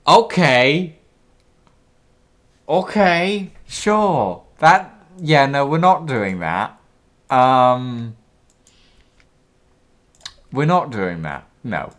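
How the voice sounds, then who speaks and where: A man's voice: mid-range voice, animated, drawn-out words, long pauses. A man streaming a game live, thinking aloud and reading the game's text aloud between short reactions.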